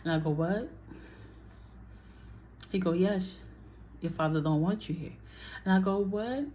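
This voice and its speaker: A woman's voice: fairly low pitch, fairly even intonation, measured pace, dark tone, muffled recording, slight background noise. Blunt, heated woman telling a story. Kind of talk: casual storytime vlog.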